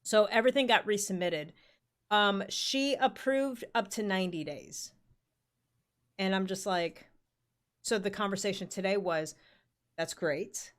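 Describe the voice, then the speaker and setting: A woman's voice: mid-range voice, a little slow, pauses often. A woman in her forties telling a rambling work story in casual chat, full of fillers and the odd swear word. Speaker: podcast co-host.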